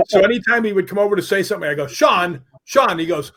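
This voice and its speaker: Guest storyteller: man, lively and amused, voice sitting a bit high. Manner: animated, laughs at his own stories. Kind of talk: casual storytelling. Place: live online show, remote call.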